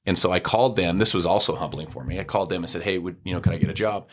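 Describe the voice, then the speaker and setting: A middle-aged man as a podcast guest, telling a personal story in a casual, animated way and acting out the dialogue. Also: deep voice, very fast, slight background noise.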